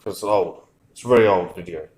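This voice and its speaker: A man's voice: low-pitched, a little fast, very noisy. A man hosting a live stream, talking casually in an offhand, distracted way while he makes tea. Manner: offhand, distracted, talks while doing chores. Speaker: stream host.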